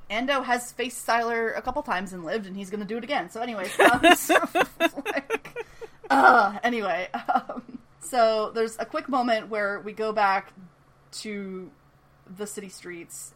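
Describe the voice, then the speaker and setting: A woman's voice: medium pitch, a bit bright, a little hiss or hum. A woman co-hosting a podcast, chattily recapping a TV episode with lots of fillers and laughs. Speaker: podcast co-host.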